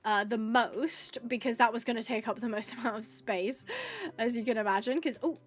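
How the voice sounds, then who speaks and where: A woman's voice: a little high, fairly even intonation, normal speed. A woman chatting on a livestream in a bubbly, chatty way, thanking her viewers as she talks. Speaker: livestreaming gamer. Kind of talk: casual livestream chat.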